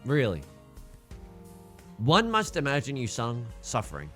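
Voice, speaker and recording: A man's voice: medium pitch, big pitch swings, brisk, fairly bright tone, faint music behind. A man hosting a let's play, commentating his game in a playful, joking way and talking to himself with repeated phrases. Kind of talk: gameplay commentary.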